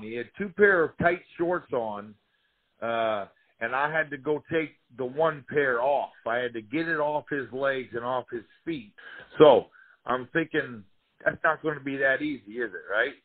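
A man, a former fighter, telling wild career stories in a casual, profane, animated way. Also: on the high side, breathy edge. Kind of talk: casual storytelling interview. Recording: tinny phone-like line.

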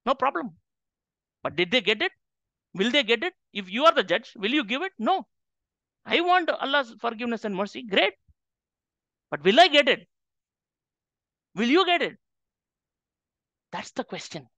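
A man's voice: very high-pitched, pushed and bright, no echo. A man teaching a Quran class to an audience, emphatic and full of rhetorical questions. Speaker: Islamic teacher. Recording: slightly dull lo-fi recording.

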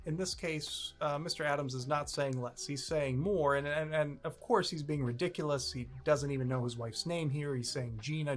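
A man's voice: a little high, fairly bright tone. A man hosting a legal advice video, explaining a clip with candid, self-aware asides. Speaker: immigration lawyer, host.

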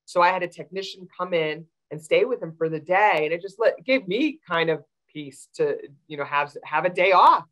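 A woman's voice: lowish voice, moderate pace, few pauses, rough recording. A woman veterinarian answering audience questions on a video call, explaining with many fillers. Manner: warm, explanatory, with frequent fillers.

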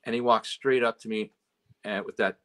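A man's voice: lowish voice, steady tone, moderate pace, a bit bright. A man from Canada, a guest telling stories in casual chat, rambling and full of "you know" and "right?". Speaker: guest, road and stage manager.

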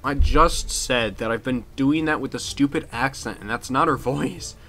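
A man commentating on a game he plays, excitable and jokey, with loud reactions. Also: mid-range voice, moderate pace, soft background music. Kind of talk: gameplay commentary.

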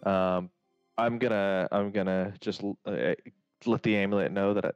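A man with a lowish voice plays in a tabletop game, talking casually and hesitantly with fillers. The sound is dry and close, with no room to it. The recording is muffled, with faint music under it. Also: normal speed, smooth, dry recording. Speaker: player. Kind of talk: casual tabletop role-play chat.

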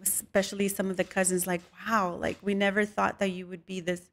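A woman's voice: mid-range voice, fast talker. A woman in her thirties, a chef guest in a casual interview, telling stories with lots of laughter and acting out what people said. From Mexican roots. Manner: animated storyteller, laughs often, acts out quotes. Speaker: guest, chef and content creator.

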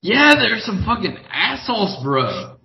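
A man's voice: high-pitched, sing-song, measured pace, creaky, dull audio. A young man, a podcast co-host in casual chat, who teases the others, swears freely and laughs a lot. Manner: teasing, profane, laughs a lot.

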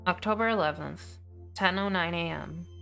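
A woman's voice: lowish voice, moderate pace, vocal fry, a bit bright, soft background music. A woman streamer talking through a game in a chatty, candid way. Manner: chatty, candid, laughs easily. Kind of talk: casual let's-play commentary.

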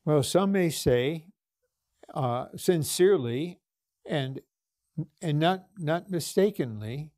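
A man's voice: a little high, lively intonation, takes it slowly, long pauses, darkish tone, no echo, clean studio sound. A man delivering a sermon to a congregation, speaking earnestly and posing rhetorical questions, with small restarts. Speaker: minister.

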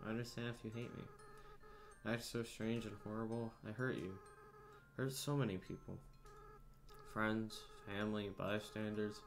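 A man reading out the lines of a young goat-monster boy in a game, soft and halting, as if choked up with regret. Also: fairly low pitch, fairly even intonation, close to an everyday voice. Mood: remorseful. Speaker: gamer reading game dialogue aloud. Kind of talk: dramatic reading of game dialogue.

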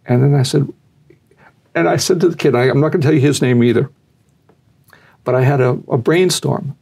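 An older man telling a long story in a sit-down interview, animated and acting out what people said. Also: mid-range voice, a little fast, creaky, long pauses, slightly rough. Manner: animated storyteller, acts out quotes, laughs. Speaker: interview guest, former boxing fixer.

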